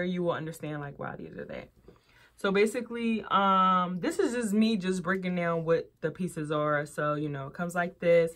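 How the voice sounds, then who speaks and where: Speaking in a fairly low, slightly bright voice, a young woman chats openly to camera, calling her audience y'all. She's a vlogger who reviews adult toys.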